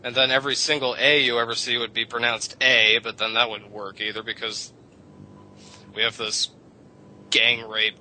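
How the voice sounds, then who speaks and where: Poor audio with a bit of hiss or hum carries this man's medium-pitched, level, pushed and bright voice at normal speed. Chatting on the radio about how English vowels shifted, he rambles, lectures, and drops casual swear words.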